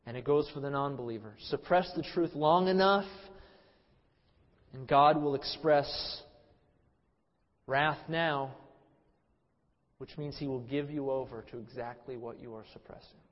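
A man in his thirties preaching a sermon as pastor, impassioned, swinging from loud emphasis to a low hush. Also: measured pace, long pauses. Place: church sanctuary. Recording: muffled sound in a hall with long reverb.

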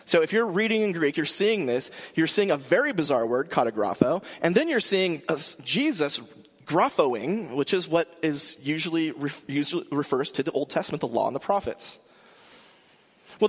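A man preaching a sermon in a casual way, often restarting and filling pauses. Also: a little high, in a large hall. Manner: conversational with frequent restarts and fillers. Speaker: pastor.

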